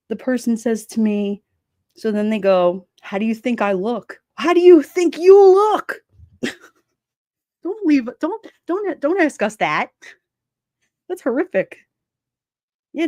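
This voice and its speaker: A livestream host, a woman old enough to have children, chats casually, reads viewer comments aloud, laughs a lot and drops into quoted voices. Her voice is a bit high with a darkish tone. The recording is studio quality with no room sound.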